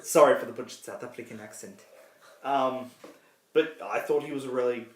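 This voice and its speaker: A man co-hosting a casual movie review podcast, chatty and quick to laugh. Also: mid-range voice. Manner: chatty, many restarts and laughs. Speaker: podcast co-host. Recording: echoey room.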